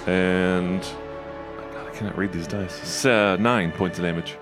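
Brief: male tabletop player, lowish voice, rapid banter, music clearly under him. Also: steady tone. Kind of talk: casual tabletop play.

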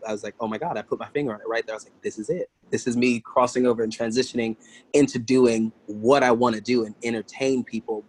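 A man speaking as a podcast guest, telling casual stories with lively energy and acting out other people's voices. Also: medium pitch, rough recording. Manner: animated, acts out quoted voices, laughs often. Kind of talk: casual storytelling interview.

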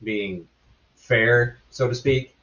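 A man co-hosting a podcast, chatting excitably about a movie and acting out his reactions. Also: medium pitch, very slow, highs cut off. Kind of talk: casual movie-review chat.

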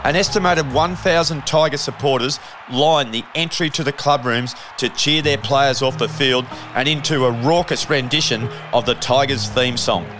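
A man with a mid-range voice narrates a sports history documentary. His read is steady and measured, moving evenly through names and margins. Faint guitar plays beneath. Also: medium pitch. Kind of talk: scripted narration.

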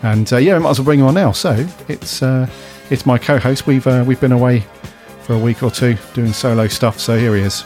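A man's voice: mid-range voice, a little fast, few pauses, a little mellow, faint music behind. A man hosting a casual podcast, chatty, jokey and easygoing. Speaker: podcast host.

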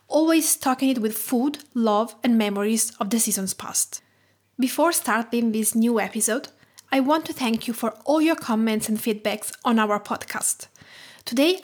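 A woman in her thirties from Tuscany with an Italian accent, calmly narrating her podcast in a measured, sometimes hushed way. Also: on the high side, breathy edge. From Tuscany, Italy. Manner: calm, measured storytelling, often soft and hushed. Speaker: podcast host.

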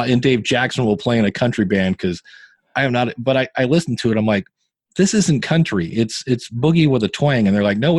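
A man in his fifties from Ohio talks freely in an interview, telling long stories. He jumps into voices when he quotes other people. His voice sits at a middling pitch, recorded close and dry. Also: dry recording. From Northeast Ohio. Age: 50s. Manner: chatty storyteller, animated quoting of others. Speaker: podcaster and guitarist guest. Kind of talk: casual interview chat.

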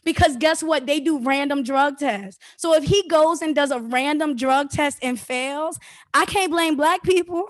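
High-voiced woman in lively chat. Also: a little slow. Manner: animated, laughing, emphatic. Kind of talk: casual podcast chat.

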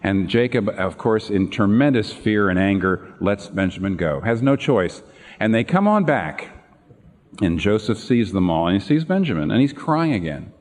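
A man preaching a sermon, retelling a Bible story with animated storytelling and acted-out lines. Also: lowish voice, normal speed. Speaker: pastor. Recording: reverberant hall.

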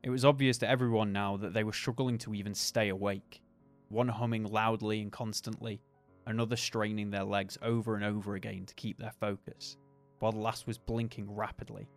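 A man hosting a podcast, reading a horror story in a measured, dramatic way and then chatting casually and laughing easily. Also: lowish voice, level tone, faint music behind. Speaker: podcast host and story reader.

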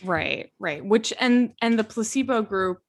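A woman's voice: fairly high pitch, a little slow. A young adult woman co-hosting a podcast in casual conversation, restarting phrases as she thinks aloud and stressing key words. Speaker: podcast co-host.

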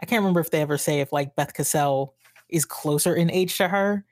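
A woman's voice: low-pitched, fairly quick, darkish tone, no echo. A woman co-hosting a podcast, talking casually about a book and often restarting her sentences. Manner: hesitant, restarts, many fillers like "like". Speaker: podcast co-host.

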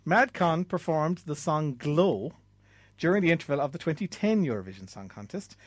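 Quizmaster man with a slightly high voice. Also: expressive, no room sound. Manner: clear, measured question reading with asides. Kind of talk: reading quiz questions.

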